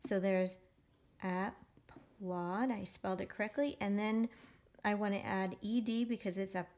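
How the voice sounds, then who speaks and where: A woman teaching a phonics lesson to young children, sounding out each syllable slowly and patiently. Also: medium pitch, steady tone, darkish tone.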